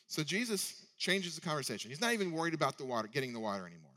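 A man's voice: on the high side, sing-song, very fast, hardly any pauses, pushed and bright. Conversational male preacher with rhetorical questions. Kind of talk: sermon.

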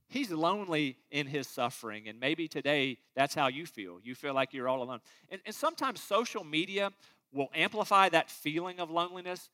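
A middle-aged man delivers a sermon with a high, bright, forceful voice. He preaches earnestly, pushing loud on key words and sinking into quiet, low asides. His tone stays sincere throughout. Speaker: pastor.

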